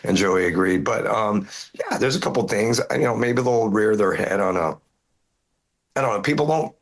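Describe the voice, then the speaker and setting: A man's voice: fairly low pitch, expressive, moderate pace, gravelly. A middle-aged man, a rock singer being interviewed, talking casually with lots of fillers and restarts. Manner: rambling, many fillers and restarts. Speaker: metal band singer, guest.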